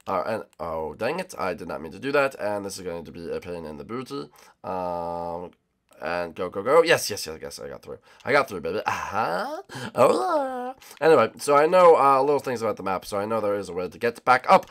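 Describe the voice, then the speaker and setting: A man hosting a gaming channel, rambling excitedly to viewers while racing. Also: deep voice, brisk. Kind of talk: casual gameplay commentary.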